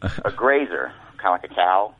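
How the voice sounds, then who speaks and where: A man with a very low, husky voice spins long, folksy stories as a radio guest. He rambles from one tale to the next. The sound is tinny and phone-like. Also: sing-song, brisk, dry recording. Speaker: author and guest. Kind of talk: telling anecdotes. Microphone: telephone.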